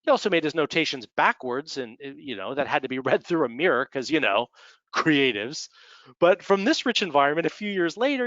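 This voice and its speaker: A muffled, dry recording holds a slightly high, sing-song male voice with a fairly bright tone and a slightly fast pace. The speaker, a Midwestern American at an executive development webinar, gives a casual slide presentation sprinkled with dry, humorous asides.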